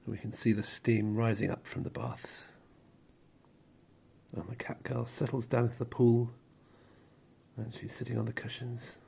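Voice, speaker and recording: A male storyteller with a gravelly, husky voice narrates calmly. He speaks softly and draws out his phrases, pausing between them. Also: lowish voice.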